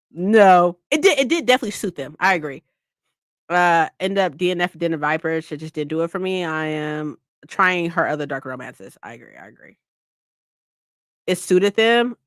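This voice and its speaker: A woman's voice: mid-range voice, no room sound, clean studio sound. A woman hosting a casual live-stream book club, ranting about a book with lots of swearing and frequent laughs. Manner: animated, profane ranting; laughs often.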